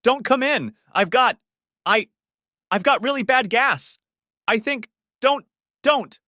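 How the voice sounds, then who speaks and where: Guy putting on a jumpy young woman, squeaky and lively, flustered. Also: moderate pace, no echo, clean studio sound. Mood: panicky. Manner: panicky, high-pitched, stammering.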